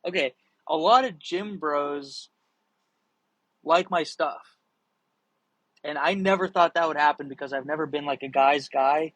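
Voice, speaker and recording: A young man hosting a live stream, answering viewer questions in a rambling, excitable, casual chat, swearing freely. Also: on the high side, a little slow, pauses often, no echo, rough recording.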